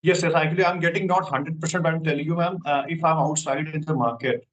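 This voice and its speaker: A man's voice: fairly high pitch, steady tone, quick pace, muffled recording. A man in a casual English practice conversation, answering earnestly with repeated words and fillers. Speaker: conversation partner answering questions.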